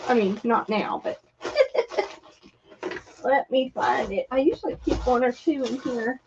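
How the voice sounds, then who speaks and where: A woman's voice: sits high, animated, measured pace, background noise. An older woman casually chatting on a live stream, greeting viewers by name and trailing off as she searches for things. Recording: dull lo-fi stream audio.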